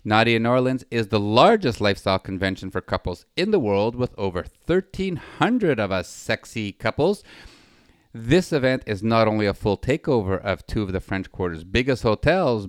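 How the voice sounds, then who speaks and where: A man co-hosts a podcast with a lowish voice that swings widely in pitch. He is upbeat as he reads promos and chats. The recording is dry and close. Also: animated, moderate pace, clear, resonant tone, no echo. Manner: upbeat, promo-reading host. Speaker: podcast co-host. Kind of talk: podcast hosting.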